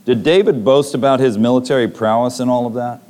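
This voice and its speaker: A man's voice: medium pitch, steady tone, brisk, darkish tone. A man preaching a sermon to a congregation, reading scripture and retelling stories with dramatic voiced quotes.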